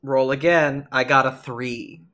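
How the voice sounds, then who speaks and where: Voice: medium pitch, steady tone, measured pace, fairly bright tone. A playful player talking casually during a tabletop game. Jokey and easygoing, with no strain in the voice. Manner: playful, joking. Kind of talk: casual role-play chat.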